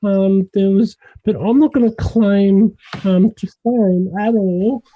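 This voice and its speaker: A woman's voice: medium pitch, steady tone, slow, highs cut off. An Australian woman guest on a video call, joking and easygoing, with frequent ums. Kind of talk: casual livestream chat.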